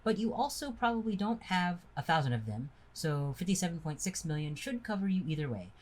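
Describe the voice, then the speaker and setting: A woman's voice: lowish voice, lively intonation, brisk. A woman reading a text game aloud with friends, breaking into laughter and stumbling over words. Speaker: game player.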